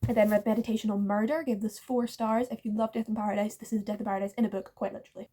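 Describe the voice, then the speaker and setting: A book vlogger chats casually about books she's read, rating each and correcting herself along the way while saying "like" a lot. Her medium-pitched, mellow voice is fairly even in intonation and comes out rapid-fire.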